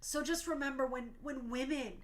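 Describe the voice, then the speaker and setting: A woman's voice: sits high, fairly even intonation, moderate pace. A woman in her thirties hosting a talk show stream, speaking passionately and emotionally, tearful at times.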